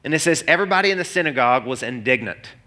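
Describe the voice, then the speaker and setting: A male pastor preaching a sermon to a congregation, animated and conversational, often restarting phrases. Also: medium pitch, racing. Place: church hall before a congregation.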